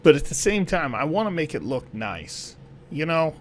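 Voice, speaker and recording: A man's voice: fairly high pitch, sing-song, moderate pace, a little hiss or hum. A man giving let's play commentary as he builds, thinking aloud and talking to himself as he goes. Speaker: gaming YouTuber.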